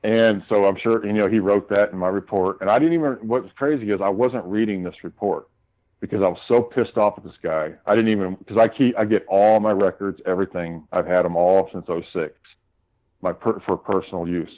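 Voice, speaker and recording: A man with a fairly low voice talks as a guest, retelling his arguments with heat and plenty of swearing. The sound is a little dull and lo-fi, and his talk stays casual and conversational. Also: steady tone, a little fast. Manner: heated, profane retelling of arguments. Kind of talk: casual storytelling.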